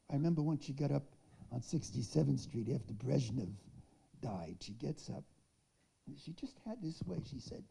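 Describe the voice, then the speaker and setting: A man, a rabbi, telling stories in a talk to teachers, animated, with his voice jumping up when he recounts a surprise. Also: moderate pace, creaky, breathy edge. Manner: animated raconteur, voice climbs high when recounting. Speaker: rabbi giving a faculty talk. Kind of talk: anecdotal storytelling talk.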